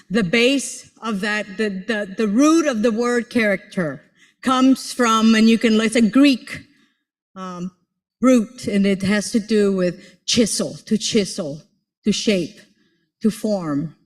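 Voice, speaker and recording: A woman in her sixties giving a playful, teasing motivational speech to an audience, repeating words for emphasis. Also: medium pitch. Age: 60s. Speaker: conference speaker. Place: large auditorium. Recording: long hall reverb in an auditorium.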